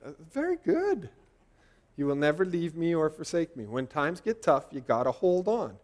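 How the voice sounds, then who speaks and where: High-voiced man preaching a sermon. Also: normal speed, darkish tone. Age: 40s. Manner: conversational, rhetorical questions to the congregation.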